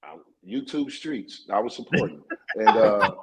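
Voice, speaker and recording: A man's voice: on the low side, measured pace, crowd noise, low-quality recording. Profane streetwise man telling stories. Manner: streetwise, profane, animated storytelling. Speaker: interview guest. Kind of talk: casual interview.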